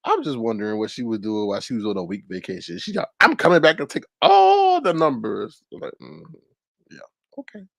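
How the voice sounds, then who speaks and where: A man hosting a casual live-stream commentary, animated and laughing, with exaggerated high-pitched repeats of words. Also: brisk, creaky, few pauses, dry recording. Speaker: commentary channel host.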